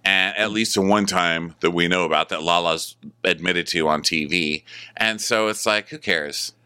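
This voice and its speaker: A man's voice: low voice, moderate pace, pushed and bright, smooth, no room sound. A man co-hosting a podcast, recapping a reality show in casual, profane, sardonic chat. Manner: sardonic, profane, slips into mocking voices. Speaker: podcast co-host.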